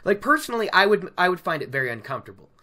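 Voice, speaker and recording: An enthusiastic book-discussion host from the United States, talking through a chapter in a loose, rambling way. The speech is chatty and giggly, full of restarts and asides, with a mid-pitched voice that jumps up when excited. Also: very fast. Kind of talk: casual chapter recap and commentary.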